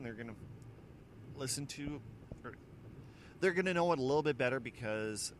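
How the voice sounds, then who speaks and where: A male morning show host chatting casually into a handheld mic, his medium voice rising and falling in an animated way. He rambles through jokey anecdotes, often chuckling at his own lines. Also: medium pitch, a little hiss or hum. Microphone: handheld microphone.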